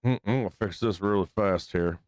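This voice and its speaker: A man hosting a live trading stream, chatting casually in a profane, rambling, excitable way. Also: lowish voice, normal speed, dry recording, clean studio sound. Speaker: livestream trading show host. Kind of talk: casual livestream chat.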